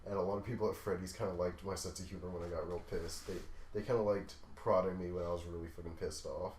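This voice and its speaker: Profane low-voiced young man telling stories. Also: fast talker, slight background noise. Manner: profane, animated storyteller who acts out quotes loudly. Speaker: podcast co-host. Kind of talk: casual storytelling chat. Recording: echoey room.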